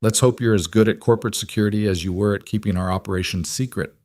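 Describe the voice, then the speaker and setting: A man voicing a crisp commanding female colonel. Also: lowish voice, steady tone, fast talker, darkish tone, no echo, studio quality, natural voice. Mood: cool commanding. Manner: cool, clipped, controlled.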